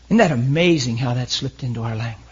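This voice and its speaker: A man preaching a sermon, emotional, swinging between loud and hushed. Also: medium pitch, fast, slightly rough, muffled recording.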